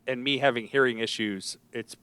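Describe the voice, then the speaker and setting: A man hosting a podcast in casual chat, with a nasal voice and a halting way of talking. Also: medium pitch, fairly even intonation, bright, forceful tone, clean tone, no room sound. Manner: halting, with many restarts and fillers. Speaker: podcast host.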